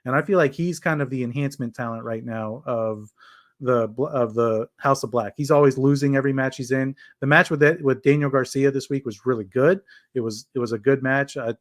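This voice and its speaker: A man's voice: medium pitch, brisk, no room sound, studio quality. A man co-hosting a casual wrestling podcast, rambling with many restarts and hesitations. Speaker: podcast co-host.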